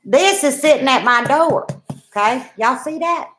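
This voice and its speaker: A middle-aged woman with a Southern US accent, telling a homestead story to her viewers in a folksy, animated way. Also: high-pitched, a little slow, slight background noise. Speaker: homestead vlogger.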